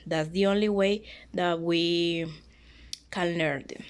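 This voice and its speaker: A woman's voice: on the low side, steady tone, takes it slowly, smooth. A young woman teaching an English grammar lesson, patiently repeating words and rules, with small grammar slips of her own. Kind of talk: slow explanatory grammar lesson.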